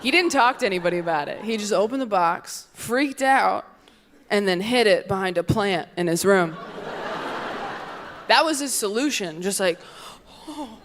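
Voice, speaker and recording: A stand-up comedian, a woman in her twenties, does a quick, deadpan routine into a stage mic before a live audience at a comedy venue. Her voice jumps high whenever she acts out quotes, and the room is noisy with the crowd.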